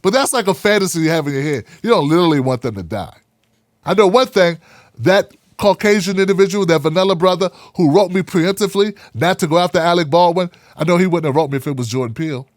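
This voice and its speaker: Brief: male host, sarcastic commentary, high voice, dry close sound. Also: fast talker, dry recording. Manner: sarcastic, animated, rhetorical questions. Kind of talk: political commentary monologue.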